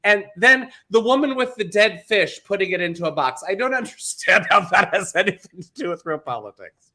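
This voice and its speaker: A man's voice: high voice, brisk. A man co-hosting a casual show, laughing a lot and sounding incredulous as he jokes. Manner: animated, laughs often, incredulous. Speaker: podcast co-host. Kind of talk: casual chat.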